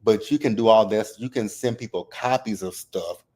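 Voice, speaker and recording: A man's voice: lowish voice, moderate pace, dark tone. A man in his thirties hosting a casual livestream recap, open and emotional as he talks about his family and fights back tears. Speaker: reality TV recap host.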